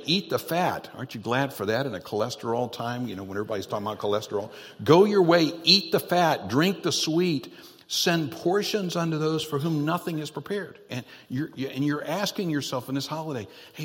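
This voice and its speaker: A man preaching a sermon as pastor, building up to emphatic bursts when he quotes scripture and then going quiet and gentle for the closing prayer. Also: mid-range voice, long reverb tail. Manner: rises to emphatic exhortation on scripture, drops soft for prayer.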